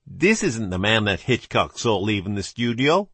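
A man's voice: on the low side, sing-song, moderate pace, a bit bright, slightly rough, dry recording, heavily acted. A man voicing a composed older actor posing as the great detective, speaking with a British accent in a dry, precise manner. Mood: cool, assured.

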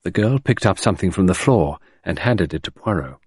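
A man reading an audiobook narration in a measured, expressive way. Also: sits low, breathy edge, no room sound, clean studio sound.

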